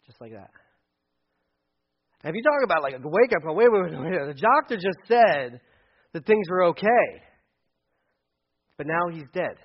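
A man preaching a sermon, animated, acting out quoted voices and swinging between loud and hushed delivery. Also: a little high. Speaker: pastor. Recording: dull lo-fi sound.

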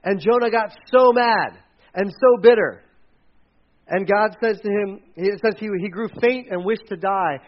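A man's voice: high voice, measured pace, dull audio. A male pastor giving a sermon in a church, telling stories with animation and acting out quotes. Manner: animated storyteller, acts out quotes.

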